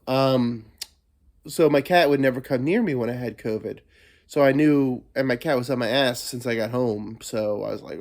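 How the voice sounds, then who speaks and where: A man's voice: mid-range voice, moderate pace, vocal fry, darkish tone. A man hosting a solo podcast, rambling playfully and swearing a lot, getting over a cold. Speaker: podcast host. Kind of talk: casual solo podcast monologue.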